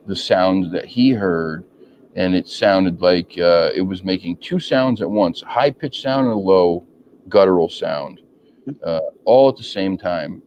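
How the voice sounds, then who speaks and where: A deep-voiced man takes his time as he hosts a casual chat, circling back with ums and false starts. The audio is dull and lo-fi, with a faint hiss underneath. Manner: rambling, many ums and restarts. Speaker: podcast host.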